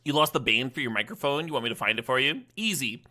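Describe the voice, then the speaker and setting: A man's voice: mid-range voice, expressive, fast talker, pushed and bright. A male streamer giving casual, playful live commentary on a card game, laughing often and chatting with his viewers.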